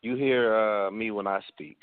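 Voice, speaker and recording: A man's voice: lowish voice, fairly even intonation, a little slow, clear, resonant tone, no echo. A man with a Chicago accent, a panelist in a casual radio round-table, rambling with many fillers and restarts. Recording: dry tinny phone line.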